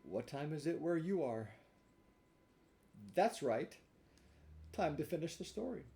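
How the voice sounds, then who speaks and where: A man reads a children's book aloud, his voice lively and swinging in pitch and sitting a little high for a man. The tone is soft and mellow, and he breaks off often for chuckling asides to the listener. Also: a little slow, gravelly. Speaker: storyteller.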